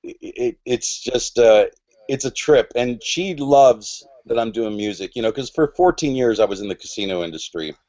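A man's voice: mid-range voice, lively intonation, normal speed, darkish tone, highs cut off. A man in his forties telling a story on a podcast, rambling and restarting, acting out quoted lines. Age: 40s. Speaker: podcast guest. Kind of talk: casual storytelling.

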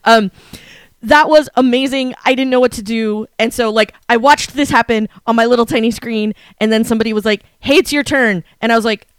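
Excitable higher-voiced woman telling a story. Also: a little fast, smooth, no echo. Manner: excitable storyteller, acts out her own reactions. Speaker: podcast co-host. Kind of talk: casual chat.

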